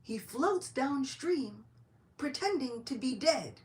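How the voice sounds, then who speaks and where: Animated woman telling a devotional story. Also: sits high, slow. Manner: animated, acts out dialogue in quoted voices. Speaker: lecturer.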